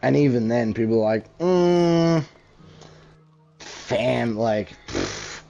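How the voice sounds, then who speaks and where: Give me a young man chatting crudely over a game, with a dark mellow voice. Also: animated, slow pace, gravelly. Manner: crude, slangy, swears a lot. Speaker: gamer. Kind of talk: casual chat while gaming. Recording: dull low-fi home mic.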